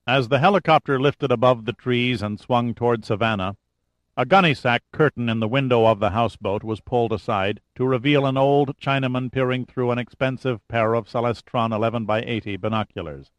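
A man narrating an audiobook thriller in a steady, measured voice. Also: mid-range voice, no echo. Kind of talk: scripted narration.

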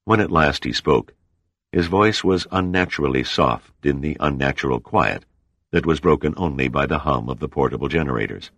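A man reading an audiobook in a steady, measured scripted narration. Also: extremely low pitch, no echo, studio quality.

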